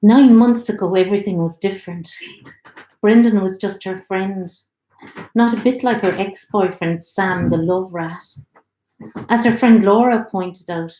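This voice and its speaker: A woman author giving a live online reading of her own short story in a steady, friendly narrating voice, indoors. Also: medium pitch, slight background noise. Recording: roomy echo.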